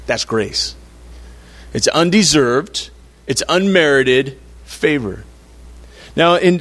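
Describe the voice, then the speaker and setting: Man, pastor, sermon, conversational, playful, raised pitch. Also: fairly bright tone. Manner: conversational, playful preaching with acted-out quotes.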